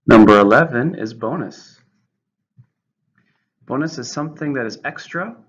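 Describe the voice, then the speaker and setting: A man's voice: mid-range voice, expressive, normal speed, breathy edge. A man teaching English vocabulary, methodically giving syllables, stress and example sentences. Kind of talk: vocabulary lesson, reading definitions and examples. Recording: muffled lo-fi recording.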